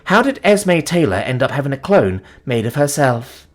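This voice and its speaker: A man's voice: mid-range voice, very animated, moderate pace, soft background music, pitched above the performer's own voice. A man doing a formal android matron. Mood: alarmed. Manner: formal, clipped. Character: ancient female android caretaker, formal and precise.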